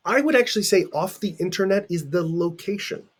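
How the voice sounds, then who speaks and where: A man's voice: high-pitched, fairly quick, slightly rough. A middle-aged man teaching in a recorded video lecture, talking conversationally and putting questions to his students.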